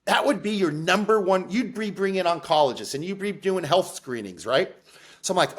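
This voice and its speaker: A man's voice: sits high, lively intonation, normal speed, a bit bright. A middle-aged man sharing his own story as an interview guest, earnest and emotional, often restarting sentences and checking in with a "right?". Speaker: interview guest, mental health advocate. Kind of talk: candid personal storytelling.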